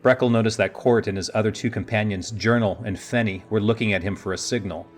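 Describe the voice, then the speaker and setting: A man with a lowish voice reads a fantasy audiobook in a steady, measured way. Faint music runs underneath his narration.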